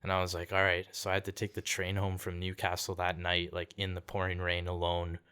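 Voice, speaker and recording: A man's voice: sits low, completely flat delivery, a little fast, bright, forceful tone, clean tone. A young man from Canada telling a story in casual podcast chat, laid-back, peppering his talk with "like" and "dude" and acting out quotes. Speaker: podcast guest, singer-songwriter.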